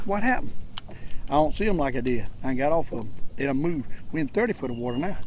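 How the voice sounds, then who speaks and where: An older man with a Southern US accent giving excited, folksy commentary while fishing from a boat. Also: a little high, background noise. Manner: excitable, folksy, talks to himself and viewers. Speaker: fishing vlogger. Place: outdoors on a boat on a lake.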